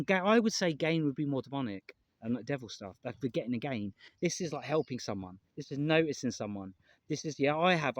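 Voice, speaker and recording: Earnest, fast-talking man. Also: on the high side, no echo. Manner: emotional, earnest, repeats himself, swears. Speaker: vlogger. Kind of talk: casual rambling monologue to camera.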